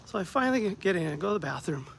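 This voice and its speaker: A therapist recounts his rough day in a relaxed, conversational vlog. His voice sits a touch high for a man and jumps as he acts out what people said. A faint hum of background noise runs under the recording. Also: very fast. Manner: animated, acts out quoted dialogue, self-deprecating. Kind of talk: casual vlog storytelling.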